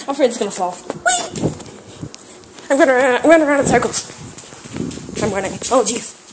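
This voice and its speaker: A woman's voice: on the high side, quick pace. A young woman vlogging at home and outdoors, giddy and rambling, breaking into squeals and screams. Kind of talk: hyper solo vlog. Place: home kitchen, then outdoors in a yard. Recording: noisy home camera audio.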